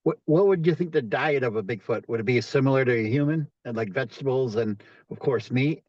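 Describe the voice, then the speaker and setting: A man's voice: medium pitch, a little fast, dry recording, muffled recording. A man hosting an interview, asking questions and giving short, encouraging replies in a casual way. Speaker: host.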